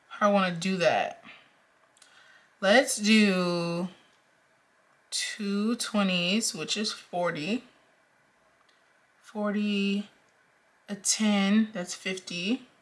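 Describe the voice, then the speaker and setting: A young woman talking casually through her budget as a vlogger, counting out amounts aloud with frequent ums. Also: medium pitch. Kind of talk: casual talk-through while cash stuffing.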